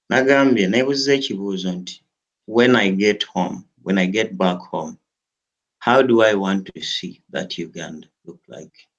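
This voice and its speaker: A man's voice: low voice, dull audio. A man giving an earnest, rallying political speech to his audience. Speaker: political commentator.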